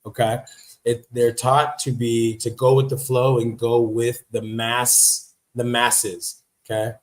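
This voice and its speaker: A man in a casual livestream monologue with a mid-pitched voice. He talks in a chatty, emphatic way, restating his points and commenting on what he reads. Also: little pitch movement, takes it slowly. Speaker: livestream host. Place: living in Vietnam.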